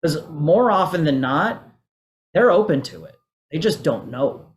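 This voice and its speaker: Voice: mid-range voice, big pitch swings, a little slow. A voice performer on a panel, earnest and giving advice to other performers. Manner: earnest, advising. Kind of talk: panel discussion.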